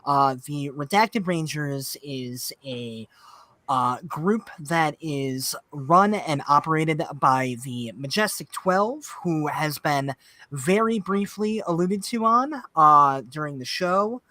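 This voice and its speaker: A man's voice: fairly high pitch, animated, slow pace. A man hosting a tabletop game livestream, chatting casually and explaining the setting with fillers. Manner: warm, joking, explains setting with many fillers. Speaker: game master.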